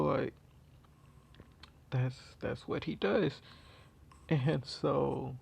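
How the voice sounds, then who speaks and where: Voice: medium pitch, creaky, a little mellow. A storyteller casually retelling a fan story, rambling with many fillers and restarts.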